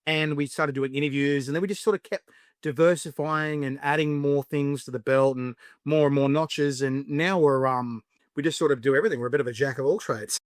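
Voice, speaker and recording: A man's voice: a little high, a little fast, no echo, clean studio sound. An Australian man chatting casually as a podcast guest, telling stories with lots of fillers. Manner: chatty, storytelling, lots of fillers and acted quotes. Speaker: podcast guest, spicy food show creator. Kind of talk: casual interview chat.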